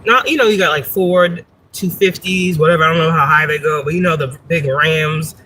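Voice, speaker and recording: Lady livestreaming from her car, cussing and laughing a lot, bright punchy voice, phone camera. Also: low-pitched, normal speed, slight background noise, poor audio. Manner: profane, laughing, chatty storytelling. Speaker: spiritual reader and livestream host. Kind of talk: casual livestream chat.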